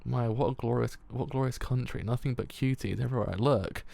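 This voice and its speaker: Smug flirty sea creature, flowery talk, gravelly low voice read by a man. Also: fairly quick, mellow. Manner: flowery, teasing speech.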